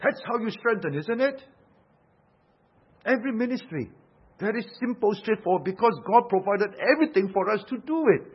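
A man's voice: sits high, lively intonation, normal speed, slightly rough. A man preaching a sermon, emphatic, asking rhetorical questions and swelling and dropping his force. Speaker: pastor. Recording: dull lo-fi sound.

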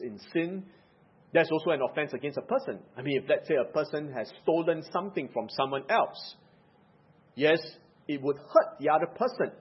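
A male preacher with a high, lively voice and a husky edge, delivering an emphatic sermon. He swings from loud, pressed stresses to quiet, low asides. The recording sounds dull and lo-fi.

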